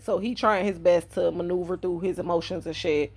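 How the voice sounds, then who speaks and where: A woman's voice: lowish voice, a little fast, few pauses, a little mellow, slightly rough. A woman telling a personal story on her vlog in a casual, blunt and profane way. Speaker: vlogger.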